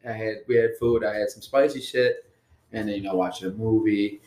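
A man's voice: lowish voice, steady tone, fairly quick. Young guy rambling through a raunchy story, cusses a lot, voice bouncing round an echoey room with a little hiss under it. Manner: profane, storytelling, mumbles asides quietly. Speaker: podcast co-host. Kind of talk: crude casual chat. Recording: echoey room with faint noise.

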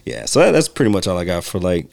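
A man's voice: low-pitched, huge pitch swings, fast, gravelly, darkish tone, dry recording, studio quality. A man co-hosting a podcast, talking casually about a movie, laughing often and acting out lines from scenes. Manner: laid-back, laughs often, acts out quotes. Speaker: podcast co-host. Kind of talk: casual film discussion.

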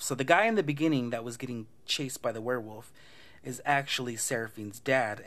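A man's voice: medium pitch, a bit bright. A man hosting a casual podcast, retelling a movie plot in a loose, profane way and acting out the lines. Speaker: podcast host recapping a film.

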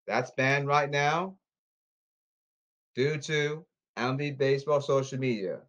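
Man, solo podcast rant, repetitive and halting, slightly muffled lo-fi sound. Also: mid-range voice, fairly bright tone. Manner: repetitive, pleading, halting delivery. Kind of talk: rambling solo monologue. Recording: slightly dull lo-fi audio.

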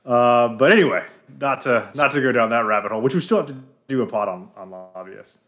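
Loud, jokey male podcast co-host. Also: medium pitch, brisk. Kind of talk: casual podcast chat. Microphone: sitting far from the mic.

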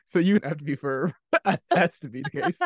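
A man's voice: on the high side, huge pitch swings, brisk, dry recording. Man podcast co-host, teasing, sassy, dry close sound. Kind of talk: casual podcast chat. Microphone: remote call mic.

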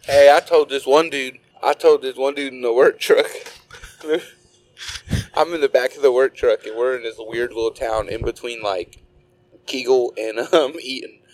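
A man's voice: mid-range voice, steady tone, moderate pace. A man in a casual podcast chat, rowdy and profane, cutting in often and laughing at his own stories. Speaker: podcast co-host.

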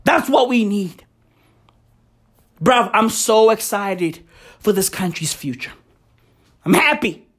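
A woman's voice: medium pitch, lively intonation. A woman delivering a profane, sarcastic comedic rant full of slang and mock gratitude. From South Africa. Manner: profane, slangy, mock-grateful, drawn-out emphasis.

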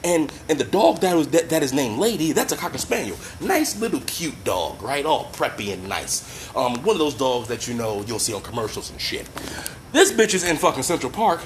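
Heated, blunt commentator with a lively voice. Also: mid-range voice, moderate pace, a little hiss or hum. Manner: heated, blunt, heavy swearing, addresses listeners directly. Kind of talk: profane impassioned rant to camera.

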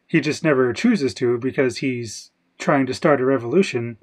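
A man's voice: mid-range voice, normal speed. A man co-hosting a podcast, discussing a film casually and second-guessing himself as he thinks aloud. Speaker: podcast co-host.

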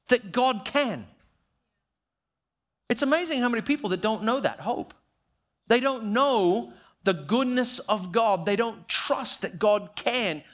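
A man with a notably high voice preaches with conviction, leaning hard on key words and drawing them out slowly. Now and then he drops lower to act out a short quoted prayer. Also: a bit bright. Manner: emphatic preaching, slowing down to stress key phrases. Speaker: pastor. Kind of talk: sermon.

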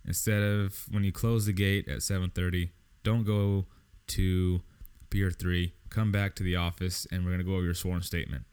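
A man's voice: sits low, level tone, normal speed, darkish tone, clean tone, close to an everyday voice. A man quoting a bossy supervisor giving orders. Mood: casual orders. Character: condescending male supervisor, suddenly friendly.

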